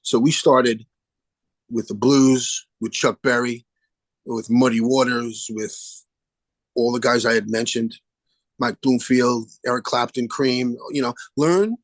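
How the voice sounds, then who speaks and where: An older man chats as an interview guest over a video call, his voice at an ordinary middle pitch. He tells stories with lots of energy and acts out the people he quotes. The sound is close and dry. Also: slow pace, no echo. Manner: animated storyteller, acts out phone calls in quoted voices. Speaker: guest musician. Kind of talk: casual interview chat.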